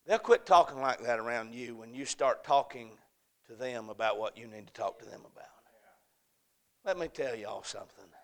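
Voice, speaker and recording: A pastor preaching an evening sermon, rising to impassioned shouting and falling to a hushed prayer. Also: male voice, medium pitch, normal speed. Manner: fervent preaching that swells to shouting, then drops to a hushed prayer.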